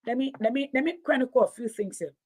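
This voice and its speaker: Lady ranting about politics, fired up, repeats stuff for emphasis, kinda high voice. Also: quick pace, darkish tone. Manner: indignant, emphatic, repeats phrases for stress. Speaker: commentator. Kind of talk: impassioned political commentary.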